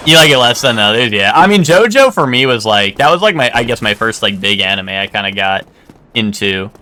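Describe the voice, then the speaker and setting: Rambling young man with a bright voice. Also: on the low side, lively intonation, a little fast. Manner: rambling, many "like" fillers and restarts; swears casually. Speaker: game streamer. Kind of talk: casual chat while live-streaming.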